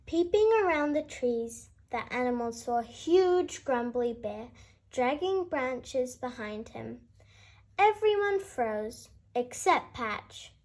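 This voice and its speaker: A woman reading a bedtime picture book aloud for children, in a gentle and expressive storytelling manner. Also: fairly high pitch, takes it slowly.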